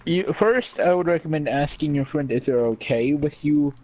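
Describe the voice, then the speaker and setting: A man's voice: a little high, normal speed, a crowd in the background, rough recording. A young man co-hosting a casual podcast chat, rambling and joking with many restarts. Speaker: podcast co-host. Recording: faint background noise.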